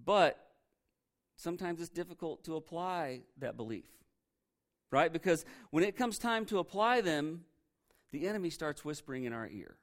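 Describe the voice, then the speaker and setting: Chatty preacher man, higher voice. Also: expressive, moderate pace. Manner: conversational, asks listeners rhetorical questions. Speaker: pastor. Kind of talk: sermon. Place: church.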